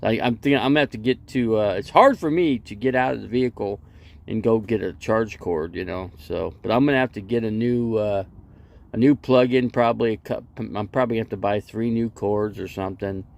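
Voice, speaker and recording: A man's voice: lowish voice, brisk, creaky, a little mellow. A middle-aged man hosting a casual live stream from inside his vehicle, speaking into a phone and rambling with lots of restarts. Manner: rambling, repeats and restarts, talkative.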